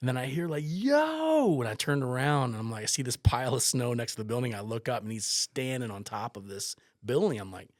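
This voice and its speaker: A man's voice: mid-range voice, fairly even intonation, fast talker, few pauses, dry recording, studio quality. A man, a photographer and podcast guest, telling a story casually and animatedly, acting out quotes and swearing freely.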